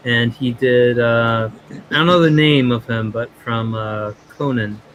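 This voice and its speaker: A man's voice: mid-range voice, a little slow, fairly bright tone, a little hiss or hum, rough recording. A man hosting a livestream, chatting casually and rambling with friends, faint music behind. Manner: rambling, laid-back. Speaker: livestream host. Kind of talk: casual group chat.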